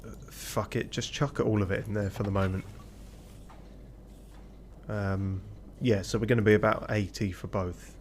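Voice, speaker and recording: A man's voice: fairly low pitch, steady tone, normal speed, long pauses, a little hiss or hum. A man streaming a video game live. He chats casually and offhandedly, swears now and then and mutters asides to himself.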